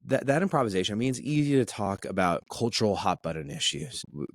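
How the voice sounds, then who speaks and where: A man in his thirties talks as a podcast guest, earnest and animated, tripping into restarts as he shares a story. His voice sits fairly low, and the recording is dry and close with no room sound. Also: fast, no echo. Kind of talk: conversational storytelling.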